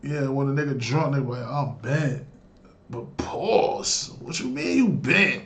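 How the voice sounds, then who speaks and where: This is a man hosting a reaction video, talking in a loose, profane way and laughing as he riffs on slang. His voice sits at an ordinary middle pitch. He sounds relaxed and conversational. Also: measured pace, vocal fry. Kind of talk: casual reaction commentary.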